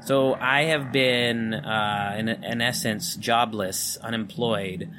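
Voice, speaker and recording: Guy hosting his podcast from home, neutral american accent, mid pitch, rambly and sweary. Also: fairly even intonation, slow, music in the background. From Philippines. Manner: candid, rambling, swears freely. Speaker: podcast host. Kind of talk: casual solo podcast monologue. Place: home room with electric fan running. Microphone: studio condenser mic.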